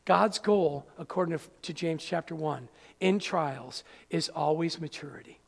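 A man preaching a sermon as pastor in a church, animated and acting out little scenes. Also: on the high side, unhurried, gravelly. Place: church sanctuary. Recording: church hall reverb.

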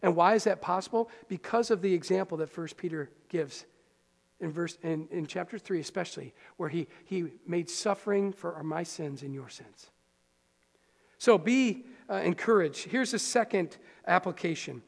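High-voiced man preaching in a reverberant hall. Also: normal speed, vocal fry. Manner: conversational, animated preaching with asides and laughs. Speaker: pastor. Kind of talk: sermon.

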